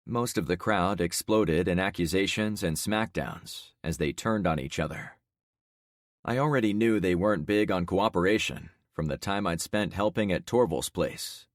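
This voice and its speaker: A man narrating a first-person audiobook with lively, dramatic storytelling. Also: low voice, moderate pace, no room sound, clean studio sound.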